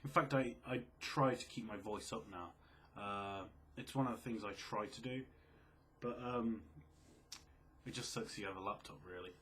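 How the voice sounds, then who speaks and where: A quiet, low-key young man in casual chat, reading out and answering viewer questions. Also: normal speed, a little hiss or hum. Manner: quiet, low-key, self-described mellow and sleepy.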